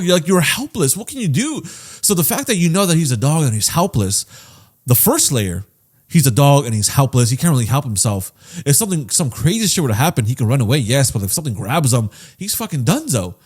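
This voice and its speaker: Animated, swearing podcast guy. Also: medium pitch. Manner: animated, profane, acts out quoted voices. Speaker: podcast co-host. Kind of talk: casual chat.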